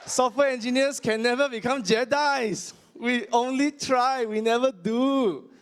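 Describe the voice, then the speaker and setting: A man's voice: extremely high pitch, moderate pace, hardly any pauses, smooth. A man performing a stand-up comedy set with punchy, exaggerated delivery.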